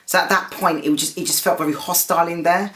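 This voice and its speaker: A woman's voice: fairly even intonation, fast talker, echoey room. A woman, hosting her own show and earnestly retelling a dispute, stumbling and restarting as she goes. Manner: voices the other people with a raised pitch. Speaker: host. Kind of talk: personal storytelling to camera.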